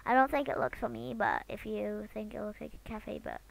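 A woman from Britain chatting goofily while she draws, swinging between loud outbursts and near-whispers. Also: medium pitch, huge pitch swings, a little fast, creaky, no echo. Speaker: drawing vlogger. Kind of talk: casual commentary while drawing.

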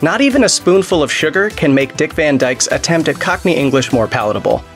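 A man's voice: a little high, expressive, a little fast, faint music behind. A man narrating a scripted video in a wry, sardonic tone.

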